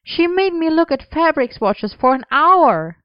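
A woman's voice: high voice, big pitch swings, unhurried, no room sound, highs cut off, pitched above the performer's own voice. A woman voicing a playful, whinging young male dancer, raising her voice for him, in a storybook reading. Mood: whiny. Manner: whinging and teasing.

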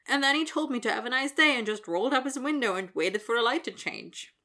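A man's voice: very high voice, fairly quick, sharp tone, voice pushed up. A woman voicing a playful, cheeky young college man who tells stories in a chatty, bubbly way. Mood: cheerful.

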